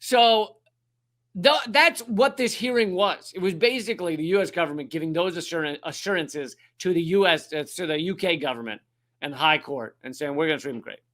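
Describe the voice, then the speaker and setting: A man's voice: sits high, moderate pace, a bit bright. A man hosting a comedic news commentary show, ranting sarcastically and swearing often. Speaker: host.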